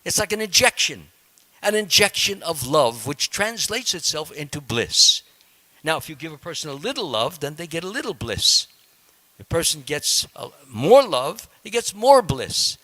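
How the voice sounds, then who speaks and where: A man's voice: a little high, sing-song, normal speed, bright, forceful tone. A man, a swami, giving a devotional scripture class in a temple hall, explaining step by step in a conversational way and putting questions to his listeners.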